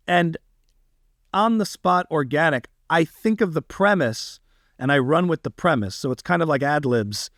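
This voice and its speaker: A man's voice: fairly high pitch, no room sound, studio quality. A man, a comedian guest on a podcast interview, talking animatedly and emphatically. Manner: animated, slips into impressions, emphatic.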